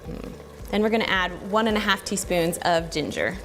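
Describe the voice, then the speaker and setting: A woman hosting a casual home cooking tutorial, chatty and relaxed, thinking aloud as she cooks in her kitchen. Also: fairly low pitch, normal speed, slight background noise. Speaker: cooking channel host.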